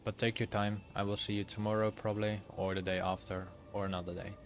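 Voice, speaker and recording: A man's voice: fairly low pitch, completely flat delivery, fast, a little hiss or hum. A man streaming a video game and chatting easily with his viewers as he plays. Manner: easygoing, chats with viewers while playing. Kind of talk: casual live-stream chat while gaming. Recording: game music playing under the voice. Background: game music.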